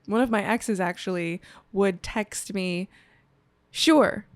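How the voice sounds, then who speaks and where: A woman's voice: medium pitch, fairly even intonation, unhurried, no echo. A woman co-hosting a podcast, chatting casually with frequent laughs and casual swearing. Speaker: podcast co-host. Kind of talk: casual chat.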